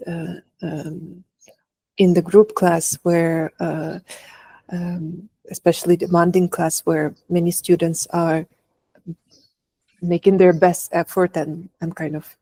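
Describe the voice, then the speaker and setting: A woman interviews a yoga teacher in a calm, measured way. Her voice is low and stays level, with a mellow tone. The recording is dry. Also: no echo. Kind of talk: interview questions.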